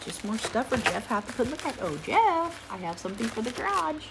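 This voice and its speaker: A woman's voice: fairly high pitch, lively intonation, quick pace, vocal fry. Woman, middle-aged, chatty home vlogger, rambles with fillers, faint room hiss behind. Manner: talking quietly at times. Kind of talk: casual haul video chat.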